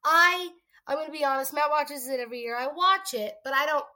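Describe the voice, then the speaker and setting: A woman co-hosting a podcast in casual chat, talking fast and loosely, often slipping into quoted movie lines. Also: high voice, sharp tone. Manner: chatty, quotes movie lines in put-on voices. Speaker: podcast co-host.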